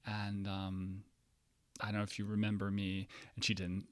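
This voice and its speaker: A man hosting a comedy podcast, telling a meandering, profane story that drops to mumbles and jumps to loud outbursts. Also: low-pitched, monotone, a little slow, no room sound. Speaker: podcast host.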